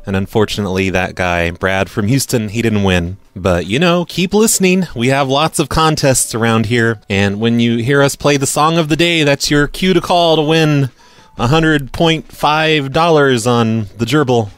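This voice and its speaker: A man's voice: mid-range voice, moderate pace, clean tone, no room sound. A man hosting a radio show, casually reacting to voicemails with dry, sarcastic asides.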